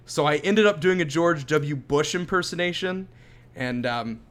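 A man in his thirties co-hosts a podcast, chatting in an upbeat, easily amused manner. His voice is a little high and a bit bright, and he speaks unhurriedly.

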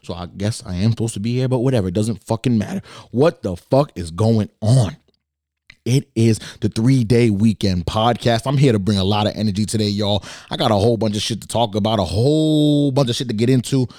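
Low-voiced man hosting a podcast rant. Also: a little fast, dry recording, clean studio sound. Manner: energetic, swears a lot, jumps between hype and mock sadness. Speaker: podcast host. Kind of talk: casual solo podcast rant. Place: his bedroom.

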